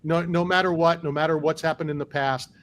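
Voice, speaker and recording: A man's voice: fairly high pitch, steady tone, a little fast, a bit bright. A man hosting a talk radio show in casual chat, arguing his points and repeating words as he goes. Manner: repeats himself, argumentative.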